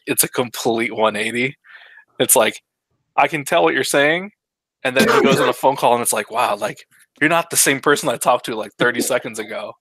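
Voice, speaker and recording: A man's voice: mid-range voice, fairly bright tone, no echo, low-quality recording. A male co-host chatting casually and telling an anecdote. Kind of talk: casual chat.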